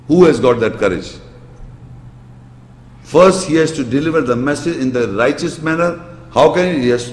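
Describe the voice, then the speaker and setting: Earnest male lecturer in an echoey hall. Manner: earnest, recites Quranic Arabic then translates, rises in pitch and loudness for emphasis. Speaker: Islamic lecturer. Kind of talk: religious lecture.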